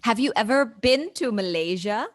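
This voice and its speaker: A woman's voice: fairly high pitch, animated, moderate pace. A woman hosting a breakfast radio show, asking a guest direct, curious follow-up questions. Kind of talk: casual radio interview.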